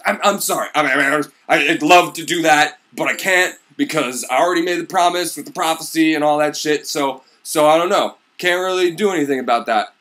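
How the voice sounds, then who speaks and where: A man's voice: a little high, brisk, few pauses, sharp tone. A man voicing a sheepish king of the gods making excuses in a casual, whiny way.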